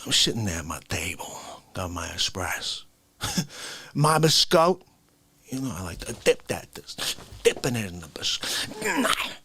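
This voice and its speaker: A man hosting a live comedy stream, ranting in an animated way and swinging between shouts and whispers. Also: lowish voice, a little slow, pauses often, slightly rough. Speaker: livestream comedy host. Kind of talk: unscripted comedic rant.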